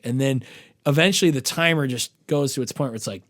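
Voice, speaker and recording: A young adult man, a podcast guest, telling a long story in casual, profane and animated fashion. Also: medium pitch, brisk.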